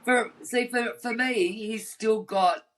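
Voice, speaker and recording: A woman's voice: on the high side, slow, a little hiss or hum, low-quality recording. Chatty Australian woman with cheeky stories. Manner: chatty storyteller, blunt and cheeky. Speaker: podcast co-host. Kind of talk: casual chat. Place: home, on a video call.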